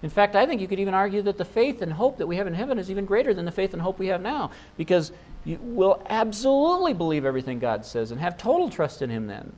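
A man's voice: high voice, very animated, fast talker, a little mellow, lo-fi sound. Earnest man preaching a Bible passage. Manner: earnest, thinking aloud with restarts and rhetorical questions. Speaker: pastor. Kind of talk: expository sermon.

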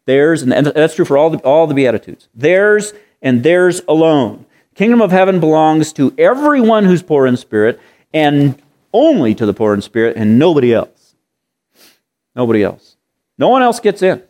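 A man's voice: a little high, sing-song, normal speed, a little mellow. Earnest male preacher asking rhetorical questions. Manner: earnest, rhetorical questions, repeats phrases for emphasis. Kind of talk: sermon.

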